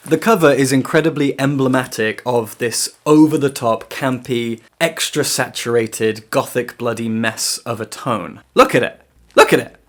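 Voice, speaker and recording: A man giving a casual book review vlog, animated and sarcastic, swearing freely and laughing between remarks. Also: medium pitch.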